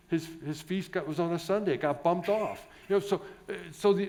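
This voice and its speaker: A priest gives a keynote talk to a large conference hall. He sounds chatty and jovial, wanders into asides and restarts his sentences often. His voice sits a little higher than most men's. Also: a little mellow. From United States. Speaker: Catholic priest, keynote speaker.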